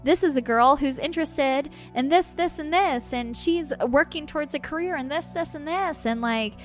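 High-voiced young woman telling a story. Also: moderate pace, faint music behind. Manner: animated, swears freely, acts out quotes. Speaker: podcast host, medium. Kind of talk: casual storytelling chat.

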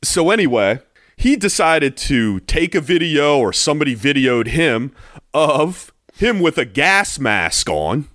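A man's voice: on the high side, very animated, a little slow, a bit bright, no room sound, clean studio sound. A man co-hosting a casual podcast, blunt and swearing freely as he vents. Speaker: podcast co-host. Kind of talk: casual chat.

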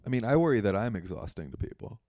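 A man with a low voice that swings widely in pitch, chatting loosely on a comedy podcast. He laughs a lot and pokes fun at himself. The sound is dry and close to the mic. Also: quick pace, dry recording. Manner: laughs often, lively and self-mocking. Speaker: podcast co-host, stand-up comic. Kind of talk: casual comedy chat.

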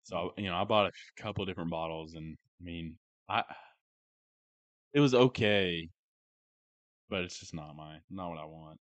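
Young dude cohosting a podcast, lowish voice, laid back, dry sound. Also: male voice, normal speed, long pauses, dry recording. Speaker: podcast co-host. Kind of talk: casual chat.

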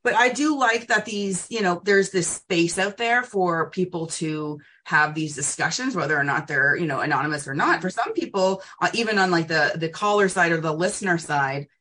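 A woman hosting a casual podcast interview, asking questions and chatting. Her tone is bright and sharp-edged. She talks frankly and boldly, in an upbeat way. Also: fairly low pitch, normal speed, few pauses. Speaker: podcast host.

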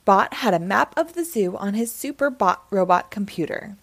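A woman storyteller reading a children's book aloud in a gentle, expressive way on a close microphone. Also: medium pitch, normal speed, no echo.

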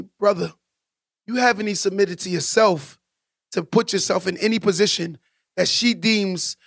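Man, podcast co-host, high voice, gravelly, emphatic and preachy, dry close mic. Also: fairly even intonation, a little fast, dry recording. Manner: emphatic, preachy, repeats for stress. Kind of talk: casual podcast discussion.

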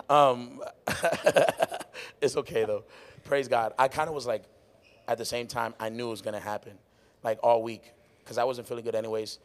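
A man's voice: medium pitch, a little fast. A man hosting a casual live podcast in a warehouse-style venue after a worship show, rambling and laughing, with his voice nearly gone. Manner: excitable, laughs a lot, rambling. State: losing his voice. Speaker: podcast host and worship musician. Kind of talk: casual chat.

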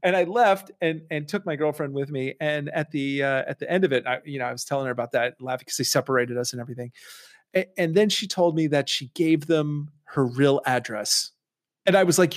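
A man's voice: a little high, brisk. A middle-aged man hosting a podcast, telling a comic story in a casual, jokey way and acting out the people he quotes. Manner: animated, jokey, acts out quoted voices. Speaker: podcast host.

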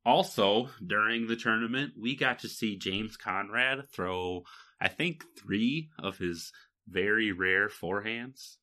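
A Michigan man co-hosting a podcast talks casually, rambling with fillers and bursts of laughter. His lowish voice is pushed and bright, and he speaks slowly.

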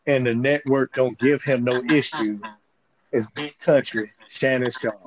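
A man's voice: medium pitch, fairly even intonation, unhurried, a crowd in the background. A man co-hosting a podcast in casual chat, speaking bluntly and in slang and often backing up his partner. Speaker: podcast co-host. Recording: dull lo-fi sound.

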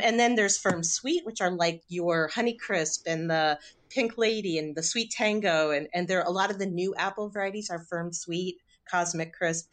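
A woman guest on a studio radio show talks with enthusiasm, filling her explanations with small ums and you-knows. Her voice sits a little low for a woman. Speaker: cookbook author guest. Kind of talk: radio interview.

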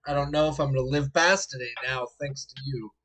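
A man's voice: mid-range voice, fairly even intonation, a little fast, fairly bright tone, a little hiss or hum, natural voice. A man voicing Jack, a flustered young man, in an exaggerated mock British accent with exasperated, swearing outbursts. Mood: anxious.

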